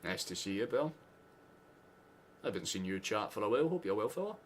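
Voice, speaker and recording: A man's voice: fairly low pitch, very animated, fairly quick, a little hiss or hum. A Scottish man hosting a live football watchalong, chatting casually with sarcastic asides and frequent swearing. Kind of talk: casual live match chat.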